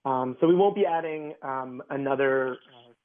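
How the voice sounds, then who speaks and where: A man's voice: medium pitch, moderate pace. Chatty man on a tinny line. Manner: chatty, many fillers and restarts. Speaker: orchestra guest. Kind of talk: casual radio interview.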